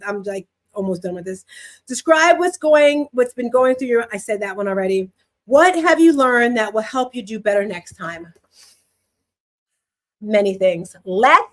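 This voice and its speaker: A middle-aged woman hosts a live-streamed workshop, and her voice sits high. She talks in a chatty, lively way. She asks herself questions and answers them as she goes. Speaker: author and workshop host.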